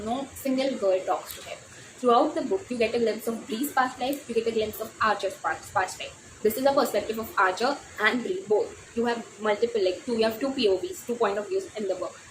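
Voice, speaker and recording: A teenage girl from India with an Indian English accent, gushing excitedly about romance novels in a casual book vlog, often restarting her sentences. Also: on the high side, a little fast, a little hiss or hum, rough recording. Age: teens. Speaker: book vlogger.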